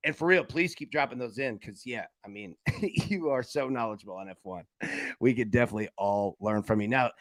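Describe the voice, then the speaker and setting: A man's voice: mid-range voice, a little fast, fairly bright tone, no room sound. A man hosting a live sports betting show, upbeat, rattling off picks and reading chat comments aloud.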